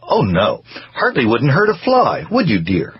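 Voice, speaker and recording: A man's voice: medium pitch, huge pitch swings, measured pace, husky, no room sound, highs cut off, heavily acted. A man voicing a thin, cheerful wife whose sweet manner hides bitterness, in a read-aloud story. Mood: sweetly cheerful. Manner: sweetly cheerful, gently pushy.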